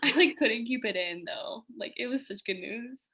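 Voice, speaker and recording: Woman in her 20s, guest; higher voice, animated casual storyteller. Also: normal speed, a little hiss or hum. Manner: animated, quoting herself and others, frequent laughs. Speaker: guest, physical therapy school applicant.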